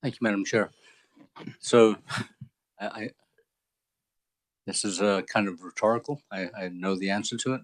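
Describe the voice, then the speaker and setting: A man's voice: lowish voice, steady tone, normal speed, pauses often. A man, a legislator, asking a witness pointed questions, with hesitant starts. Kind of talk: committee questioning.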